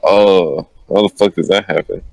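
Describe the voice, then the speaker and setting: A man's voice: low voice, steady tone, normal speed, gravelly, darkish tone. A teenage guy chiming in bluntly and profanely during a casual chat with a friend. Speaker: podcast co-host.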